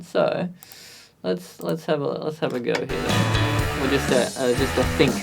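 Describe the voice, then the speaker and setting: Speaking a little slowly in a creaky, mid-range voice, a man chats with his live-stream audience while recording music. He thinks out loud and pokes fun at himself in a casual, easygoing way.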